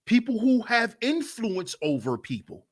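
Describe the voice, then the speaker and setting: A man hosting a livestreamed podcast, talking in an animated, mocking way and often asking "you see?". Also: very high-pitched, a little slow. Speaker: podcast host. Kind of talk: livestream commentary.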